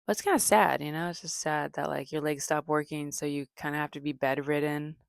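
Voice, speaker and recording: A woman comedian hosting a podcast, telling stories in a deadpan, low-energy way, rambling with fillers and self-corrections. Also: a little fast, vocal fry, clean tone, no room sound, clean studio sound. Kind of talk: casual storytelling monologue.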